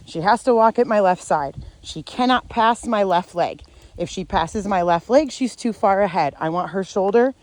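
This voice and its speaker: A woman's voice: mid-range voice, darkish tone. A woman dog trainer walking a dog outdoors, explaining each step of her method to viewers and stopping to praise the dog. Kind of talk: instructional demonstration while walking a dog.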